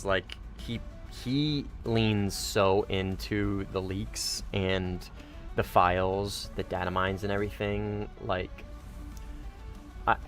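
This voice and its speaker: A man's voice: fairly low pitch, fairly bright tone. A man streaming a game and chatting with viewers, rambling and correcting himself as he goes, with casual swearing. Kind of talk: casual gaming livestream chat.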